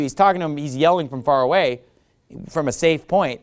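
A man preaching a sermon, who acts out the people he quotes with sudden loud outbursts. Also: high-pitched, animated, fairly quick.

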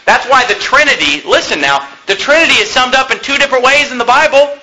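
High, lively emphatic male preacher. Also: fast talker, low-quality recording. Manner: emphatic, repetitive preaching cadence with sudden loud peaks. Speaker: pastor. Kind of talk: sermon.

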